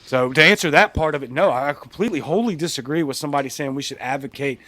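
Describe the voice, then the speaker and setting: A man's voice: fairly high pitch, fast, dry recording. Blunt Cajun man telling a story. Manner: blunt, animated retelling with acted-out quotes. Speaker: podcast guest. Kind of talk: casual storytelling.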